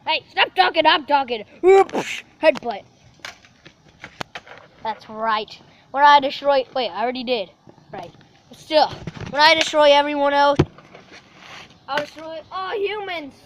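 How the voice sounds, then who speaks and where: A woman's voice: sits high, lively intonation, a little slow, pauses often, slight background noise. Woman doing Lexi, a scheming evil cat. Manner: grandiose villain boasting, easily distracted. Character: scheming evil house cat bent on ruling the world. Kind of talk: playful home-video voice-over.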